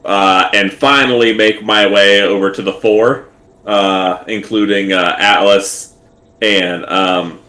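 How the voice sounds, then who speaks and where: Male tabletop player, slow and hesitant, tense bright tone, roomy sound. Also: on the low side, fairly even intonation. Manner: hesitant, filler-heavy. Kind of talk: tabletop role-play.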